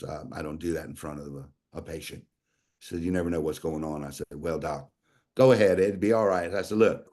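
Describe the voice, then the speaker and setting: A man telling a story in a folksy, animated way over a video call, acting out the dialogue he quotes. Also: medium pitch. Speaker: guest sharing a testimonial. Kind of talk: casual storytelling.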